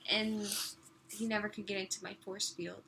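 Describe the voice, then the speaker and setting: Young woman, bright and talkative, casual storyteller, soft room hum. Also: mid-range voice, little pitch movement, normal speed, creaky. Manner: chatty storyteller with a soft, easy delivery. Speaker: summer youth missionary.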